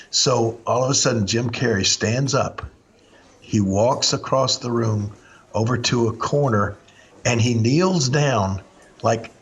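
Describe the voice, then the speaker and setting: An older man tells a story on his podcast in a relaxed, chatty way. He acts out what the others said as he goes. His voice sits at an ordinary middle pitch. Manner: animated anecdote-telling, acts out quoted lines. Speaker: podcast host. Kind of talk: casual storytelling.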